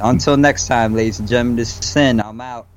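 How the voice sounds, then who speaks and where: A man's voice: medium pitch, steady tone, fairly quick. A man co-hosting a casual podcast in a laid-back way, often tagging his lines with "man" and "dude". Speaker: podcast co-host and radio DJ.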